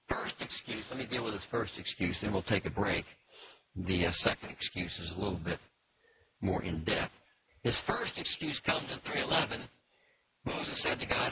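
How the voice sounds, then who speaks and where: A man teaching through a Bible passage in a measured, explanatory way, pausing often with fillers. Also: low-pitched. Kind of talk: expository Bible lesson. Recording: noisy recording with faint clicks.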